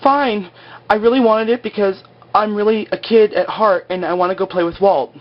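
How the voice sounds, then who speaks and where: A man voicing a guarded young woman castaway in a high, mock-girly voice. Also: steady tone, moderate pace, dull audio, close to an everyday voice. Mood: mock-dramatic.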